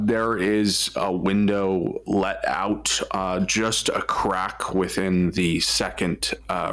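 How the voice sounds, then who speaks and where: A man narrating a tabletop role-playing game as game master, unhurried, with many filler sounds. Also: low-pitched, a bit bright.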